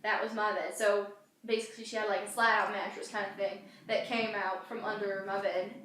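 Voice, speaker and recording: A woman's voice: mid-range voice, little pitch movement, brisk, fairly bright tone. A young woman casually telling a story, rambling with many fillers and restarts. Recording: very echoey room, far from mic, faint noise.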